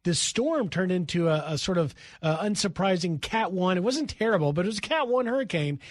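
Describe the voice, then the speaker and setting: Middle-aged guy hosting radio, higher pitched, telling a story with lots of energy, dry close sound. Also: a little fast, no echo. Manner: animated anecdote, acting out quoted voices. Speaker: fill-in radio host.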